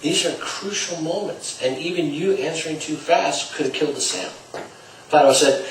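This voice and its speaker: A man's voice: fairly high pitch, moderate pace, slight background noise. A man teaching salespeople through a story, acting out the dialogue with swings in volume. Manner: acts out dialogue with shifting volume. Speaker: sales trainer. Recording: roomy, distant mic, faint ambience.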